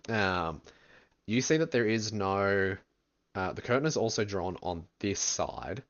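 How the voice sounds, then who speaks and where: A man running a tabletop game as game master, describing scenes in a relaxed, rambling way full of fillers. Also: lowish voice, measured pace, dull audio.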